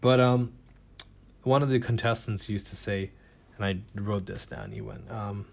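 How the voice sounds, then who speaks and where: A man's voice: on the low side, fairly even intonation, measured pace, vocal fry, a little hiss or hum. A man performing a stand-up comedy set, rambling and self-deprecating, reading jokes from a notebook.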